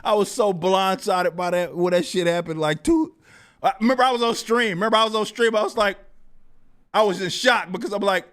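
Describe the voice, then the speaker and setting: A man with a slightly high voice hosts a casual livestream and rants about a feud. He is incredulous and quick to laugh, swears freely, and swings from loud, disbelieving exclamations down to low muttering. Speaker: livestream host.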